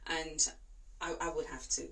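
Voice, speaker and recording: A woman, a voice and breathing coach whose first language is not English, giving calm, reassuring instructions and demonstrating slow breaths. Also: low voice, distant mic. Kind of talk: instructional talk to camera.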